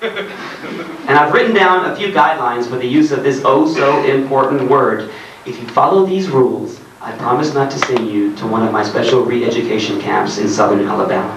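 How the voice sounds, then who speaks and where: A man's voice: medium pitch, normal speed, creaky, background noise. A man giving a comedic reading of his own writing to a live audience, ranting sardonically and laughing at his own jokes. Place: arts centre hall in Germany. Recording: roomy live hall, distant mic, faint ambience.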